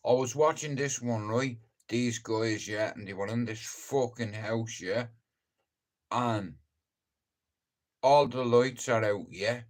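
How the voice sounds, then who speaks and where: A man hosting a live stream, rambling through stories in casual chat and swearing freely as he talks straight to his viewers. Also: on the low side. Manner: profane, rambling storyteller who addresses viewers directly. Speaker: livestream host.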